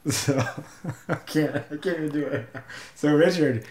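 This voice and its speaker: A man with a slightly higher voice runs a loose, casual podcast chat and keeps breaking into giggles mid-sentence. His voice bounces around a roomy space. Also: measured pace, a little mellow. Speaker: podcast host. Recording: roomy echo.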